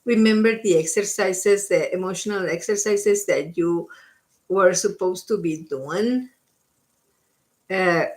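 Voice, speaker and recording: A woman doing live-stream psychic card readings, giving coaching advice and often checking in with the listener. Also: medium pitch. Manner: coaching, checks in with frequent "okay?"; switches between English and Spanish.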